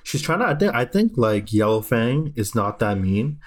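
A man's voice: mid-range voice, big pitch swings, normal speed. A man co-hosting a casual book podcast, talking in an easygoing way, agreeing readily and sprinkling in lots of "like". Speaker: podcast co-host. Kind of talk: casual book-club chat.

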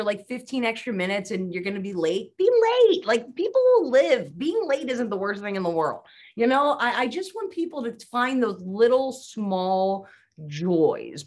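A woman comedian chatting as a podcast guest, playful and given to bursts of excitement. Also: medium pitch. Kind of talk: casual chat.

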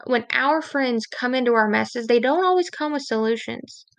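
Candid woman with a gravelly voice. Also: a little high, fairly bright tone, no room sound. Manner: candid and confessional; self-deprecating humor. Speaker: Christian speaker. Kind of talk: devotional testimony talk.

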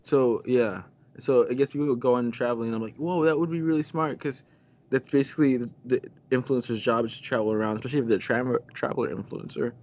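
A man's voice: mid-range voice, steady tone, fast talker, darkish tone. Hesitant giggly male podcast co-host. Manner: hesitant, lots of ums, giggly. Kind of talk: casual chat. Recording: muffled lo-fi audio with faint background noise.

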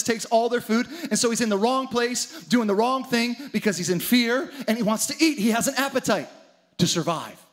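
A man's voice: high voice, a bit bright. A man preaching a sermon with dramatic energy, acting out the story's characters in his own voice. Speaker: pastor.

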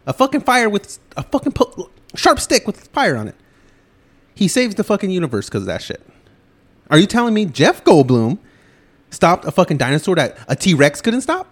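Podcast host, man, fast profane movie rant, higher-pitched voice. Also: wildly swooping pitch. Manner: loud, swearing, rapid ranting.

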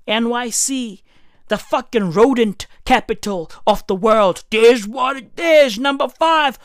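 A woman's voice: fairly high pitch, slow pace, no room sound, studio quality. Foul-mouthed woman ranting in slang. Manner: slangy, swears constantly, riffs loudly. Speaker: comedic commentator. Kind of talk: profane comedic rant.

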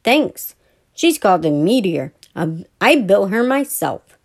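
A woman's voice: medium pitch, big pitch swings, a little slow, vocal fry. A woman voicing a proud but kind young boy bear cub in a storybook reading, speaking earnestly and patiently.

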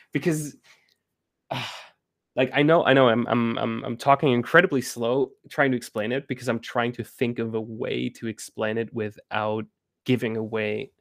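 A man with a gravelly, mid-range voice chats as an interview guest. He halts, repeats words and restarts his sentences, laughing now and then. The recording is close and dry. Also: medium pitch, steady tone, dry recording. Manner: halting, many restarts and fillers, laughs often. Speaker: game co-founder guest. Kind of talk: casual interview chat.

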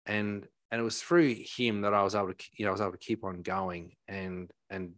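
A man, a chiropractor, telling his story in a rambling, animated way full of restarts. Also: low voice, fairly quick, no room sound. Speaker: chiropractor guest. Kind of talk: conversational storytelling.

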